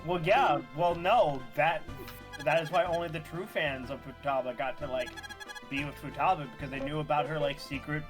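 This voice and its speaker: A man's voice: fairly high pitch, fairly even intonation, brisk, music in the background. A man chatting casually with friends on a stream call, rambling with lots of fillers and restarts. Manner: rambling, many likes and restarts. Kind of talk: casual group chat.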